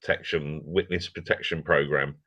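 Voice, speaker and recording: A man's voice: extremely low pitch, fairly even intonation, normal speed, bright, forceful tone. A man chatting on a live stream, swearing a lot and joking with a laugh in his voice. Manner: sweary, laughing, mock-serious storytelling. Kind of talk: crude casual banter.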